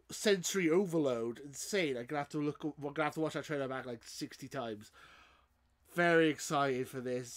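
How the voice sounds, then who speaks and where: A man hosting a video, reacting to a game trailer with gasps, exclamations and laughter. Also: on the high side. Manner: gasping exclamations and laughter, shouting when thrilled.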